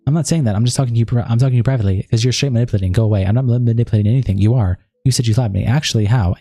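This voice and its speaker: A man hosting a livestream, quickly reading text messages and written statements aloud. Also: mid-range voice, dark tone, no echo. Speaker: livestream host.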